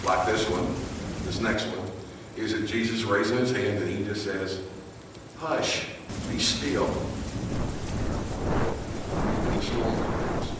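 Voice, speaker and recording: Male storyteller-preacher, live sermon, swings loud to hushed; distant mic, long hall reverb. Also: lowish voice, steady tone, measured pace. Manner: vivid, shifts from loud to hushed. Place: live venue, large hall. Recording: echoey hall from a distance with noise.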